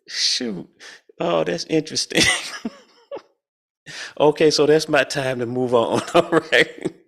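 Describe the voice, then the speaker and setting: Gravelly-voiced man leading a spiritual talk. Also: a little high, a little slow, fairly bright tone. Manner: folksy, colloquial, chuckles often. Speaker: spiritual study group leader.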